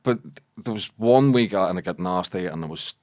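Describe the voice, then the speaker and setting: A man in his forties with a Belfast accent, a comedian guest on a podcast telling animated stories and acting out quoted voices. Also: low voice, a little fast. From Northern Ireland. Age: 40s. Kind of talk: casual podcast chat.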